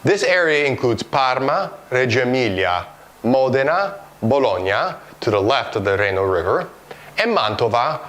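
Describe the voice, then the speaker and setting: Male presenter, mid-pitched voice, clear deliberate explainer delivery for an educational food lesson. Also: a bit bright. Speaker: course presenter.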